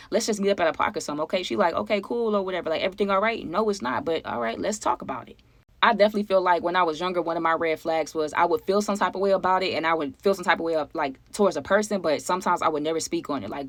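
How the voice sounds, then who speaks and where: A woman chatting casually to her viewers as she tells a personal story, animated and conversational, often asking them for their opinions. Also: mid-range voice, no room sound. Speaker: storytime vlogger.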